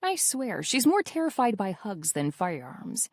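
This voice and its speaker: Female romance audiobook narrator: wry, intimate, very expressive pitch, slow unhurried pace, dry close sound. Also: dry recording.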